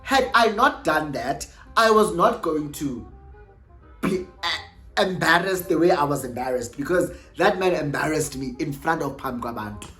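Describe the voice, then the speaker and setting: A young South African woman telling a storytime vlog, animated and exclamatory, switching freely between languages. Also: lowish voice, measured pace, soft background music. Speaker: YouTuber.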